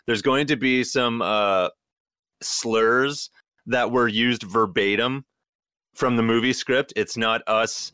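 A male podcast co-host chats casually and rambles, leaning heavily on filler words. His medium-pitched voice is slow, bright and forceful, recorded clean in a studio with no room sound.

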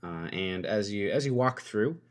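Low-voiced man running a tabletop game. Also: expressive, normal speed. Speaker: game master.

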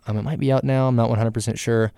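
A man's voice: medium pitch, fairly even intonation, rapid-fire, creaky, warm tone, clean tone, dry recording, studio quality. A man hosting a casual solo music news podcast, rambling with many fillers and giving candid opinions. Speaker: podcast host.

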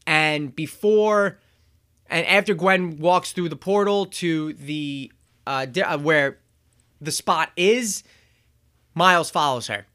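A man's voice: a little high, slow pace, pushed and bright. A man hosting a podcast, recapping a movie in casual chat, rambling with chuckles and acting out quotes. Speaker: podcast host.

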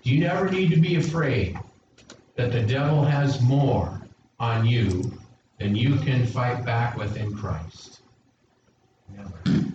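A pastor preaches a sermon, reading scripture aloud and delivering God's words with rising emphasis. His mid-range voice is measured and darkish, captured on a distant mic with roomy echo, dull sound and background noise.

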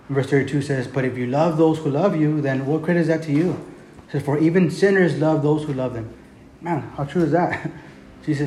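A man preaching in a relaxed, conversational way, his voice slightly high and mellow. He keeps tossing in "man" and "right?" between scripture readings. The room gives a roomy echo with a faint hum of ambience behind. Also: brisk. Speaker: pastor. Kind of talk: sermon.

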